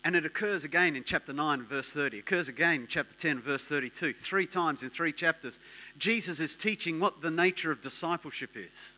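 A man preaching a sermon, emphatic and repetitive, dropping to a hush and rising to loud bursts. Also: fairly high pitch, fairly quick. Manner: emphatic, repetitive, swings between hushed and loud.

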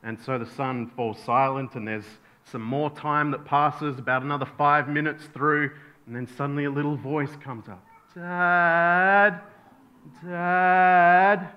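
A man's voice: medium pitch, fairly even intonation, moderate pace. Guy pastor giving a sermon, tells stories with voices, kinda dull recording. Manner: storytelling, acts out voices in anecdotes.

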